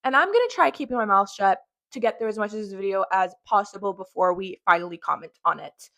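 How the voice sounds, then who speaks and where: A woman hosts a reaction commentary, speaking angrily and swearing often. Her voice sits at an ordinary middle pitch for a woman. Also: animated, fast, pushed and bright. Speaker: commentary host.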